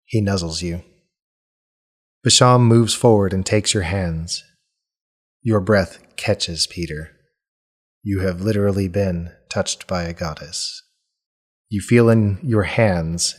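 A man narrating a tabletop game as game master, in slow, immersive second-person storytelling. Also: deep voice. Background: faint music.

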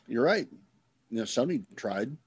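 A man's voice: medium pitch, animated, unhurried, slightly rough, no echo. A man co-hosting a podcast in casual chat, rambling and starting over often, with a gloomy outlook. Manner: rambling, self-interrupting, gloomy. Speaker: podcast co-host.

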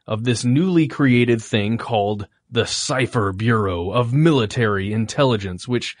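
A man co-hosting a podcast in casual chat, relaxed with wry asides. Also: medium pitch, measured pace, no echo, studio quality. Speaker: podcast co-host.

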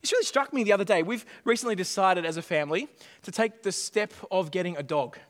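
A middle-aged man preaching a sermon, animated and jokey, often repeating his phrases. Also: high-pitched, fast talker. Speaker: pastor. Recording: long hall reverb.

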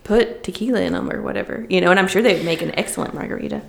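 A woman's voice: on the low side, huge pitch swings, rapid-fire, vocal fry. Woman co-host, casual and chatty, giggles easily; remote call sound. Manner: chatty, laughs often between phrases. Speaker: podcast co-host. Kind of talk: casual chat.

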